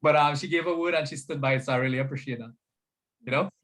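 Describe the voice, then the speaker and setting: Man, fairly high voice, spiritual coach, casual video-call workshop. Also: fast, a bit bright. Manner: chatty, upbeat, repeats "you understand?" and "right?". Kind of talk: casual online workshop talk.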